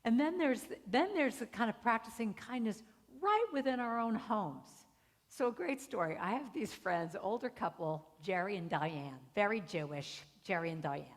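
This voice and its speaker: A woman's voice: mid-range voice, animated, moderate pace. A middle-aged woman giving a storytelling sermon at a spiritual center, acting out the voices of people in her stories. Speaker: guest speaker. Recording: long hall reverb.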